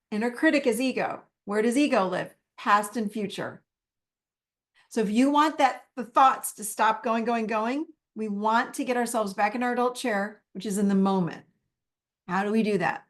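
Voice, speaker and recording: Woman teaching a live self-help masterclass. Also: on the high side. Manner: warm, conversational, acts out her own inner dialogue.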